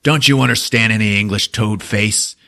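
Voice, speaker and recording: A man's voice: on the low side, normal speed, bright, forceful tone. A man voicing a cocky, crude male fighter pilot who jeers and swears. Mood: taunting. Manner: mocking, profane jeers.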